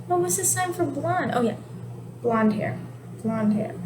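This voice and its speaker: Woman teacher, high voice, casual explainer, steady noise behind her. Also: measured pace. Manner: explanatory, relaxed, self-correcting. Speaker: sign language teacher. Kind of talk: casual video lesson.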